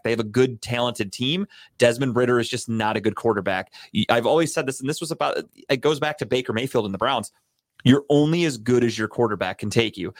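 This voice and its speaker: A man's voice: mid-range voice, dry recording, clean studio sound. A man co-hosting a podcast, rambling and swearing as he chats through the week's football results. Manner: profane, rambling. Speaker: podcast co-host. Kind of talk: casual sports chat.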